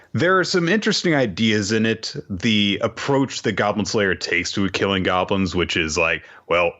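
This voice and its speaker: A man co-hosting a casual chat about a series, wry and quick to laugh. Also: fairly low pitch, pushed and bright, highs cut off. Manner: laughs often, wry, drifts into quoted voices. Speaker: co-host.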